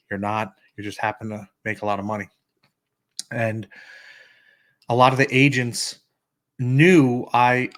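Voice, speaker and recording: Brief: middle-aged male podcast co-host, blunt and direct, mid-pitched voice. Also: a bit bright. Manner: blunt, storytelling with acted quotes. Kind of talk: casual podcast conversation.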